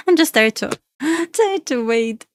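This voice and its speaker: A woman's voice: high voice, a little hiss or hum. Chatty woman with a Russian accent. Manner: chatty, pleads with the chart, laughs often. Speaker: live day-trading streamer. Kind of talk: casual live-stream chat.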